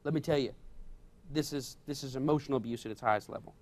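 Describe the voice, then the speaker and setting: A man's voice: medium pitch, fast. A male pastor preaching a sermon in an emphatic way, repeating his key points.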